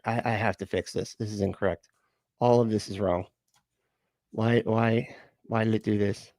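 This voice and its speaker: A man's voice: fairly low pitch, gravelly, a little mellow, dry recording, clean studio sound. A man hosting a live stream in casual chat, greeting viewers with rambling, chuckling, self-correcting asides.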